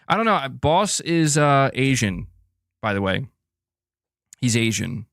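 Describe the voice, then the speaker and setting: A man's voice: mid-range voice, sing-song, takes it slowly, creaky, fairly bright tone, no room sound, studio quality. A young man hosting a casual gaming livestream, bantering playfully with his cat and reading viewer chats aloud. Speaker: gaming news streamer.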